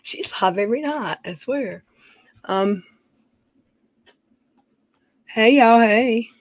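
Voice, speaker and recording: A woman's voice: fairly high pitch, lively intonation, slow, no echo. Chatty woman live-streaming. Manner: chatty, reads viewer names aloud, folksy. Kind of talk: casual live-stream chat. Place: dim room at home.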